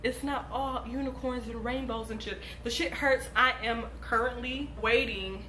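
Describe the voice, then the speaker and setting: Animated young woman vlogger, echoey room. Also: fairly high pitch, moderate pace, slight background noise. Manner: animated, swears freely, acts out quoted voices. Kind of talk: casual storytime.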